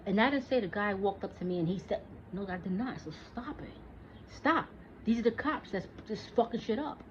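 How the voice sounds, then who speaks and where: Heated and swearing, a woman in her forties delivers an offhand monologue, arguing with someone who isn't there. She sounds animated and brisk at a medium pitch, and the recording is dull, lo-fi, and faintly noisy.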